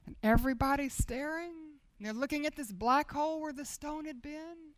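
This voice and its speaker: A woman preaching a sermon, moving between soft, intimate asides and loud, declaiming proclamation. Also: sits high, moderate pace, no echo.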